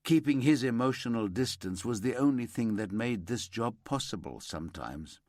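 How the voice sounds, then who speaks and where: A man reading a crime novel aloud in a measured, somber narration. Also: mid-range voice, animated, a little mellow, no room sound, clean studio sound. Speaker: audiobook narrator. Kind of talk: scripted narration.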